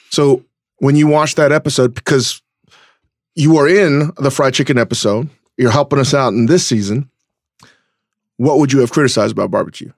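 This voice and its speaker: A man's voice: medium pitch, fairly quick, creaky, no room sound, clean studio sound. A man hosting a podcast interview, talking in a loose, conversational way and thinking aloud with restarts. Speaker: podcast host. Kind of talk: casual interview chat.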